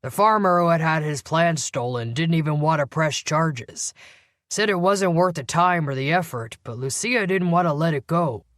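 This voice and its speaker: For an audiobook character voice, a woman narrator plays a gruff older police commander nearing retirement who growls and snaps, so her low voice turns louder, rougher, defensive and curt, yet stays close to her everyday voice. She speaks at normal speed with a grudging mood, and the studio recording is dry and close.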